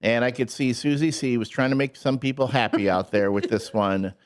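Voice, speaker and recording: A man's voice: mid-range voice, steady tone, fairly quick. A man co-hosting a morning radio show from a studio, chatting casually and teasing rivals with mocking banter. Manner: teasing, mocking rival fans in exaggerated put-on voices.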